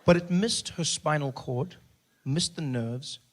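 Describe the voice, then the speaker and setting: A man telling a stand-up comedy story in an animated way, slipping in and out of voices for the people in it. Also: fairly high pitch, takes it slowly.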